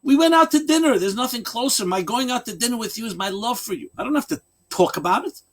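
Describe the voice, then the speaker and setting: A man's voice: very high voice, animated, quick pace, pitched above the performer's own voice. A man voicing a clueless husband who defends himself in an exasperated, insistent way.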